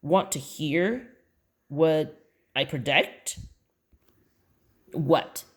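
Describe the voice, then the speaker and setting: A woman voicing a calm, gently teasing mother in a children's book read aloud. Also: sits low, extremely slow, full character voice.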